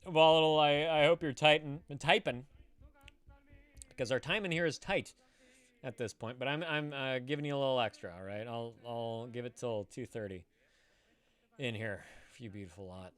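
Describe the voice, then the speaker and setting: A young man hosting a casual live stream from California, swearing often and swinging from loud excited outbursts to quiet mumbling. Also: mid-range voice, moderate pace, clear, resonant tone. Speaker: livestream host.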